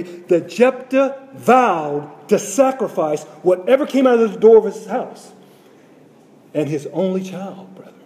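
High-voiced preacher with a mellow tone. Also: male voice. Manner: repetitive, rhetorical questions to congregation. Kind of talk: sermon.

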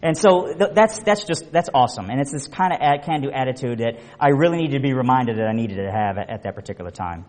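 A middle-aged man preaching a conversational sermon, telling stories in a chatty, animated way with many restarts. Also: medium pitch, quick pace, hardly any pauses. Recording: reverberant hall.

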